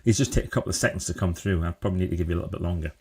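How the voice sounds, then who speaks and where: A man's voice: low-pitched, racing, dark tone, breathy edge. A middle-aged man hosting a live-streamed motivational talk, chatty, quizzing viewers and answering their comments. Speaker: live show host.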